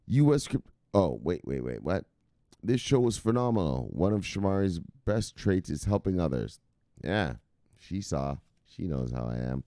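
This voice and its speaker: Low, lively-voiced man hosting a livestream. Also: moderate pace, no room sound, studio quality. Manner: profane, rambling, loud catchphrase sign-offs. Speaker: host of a cryptocurrency news livestream. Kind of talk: casual livestream chat.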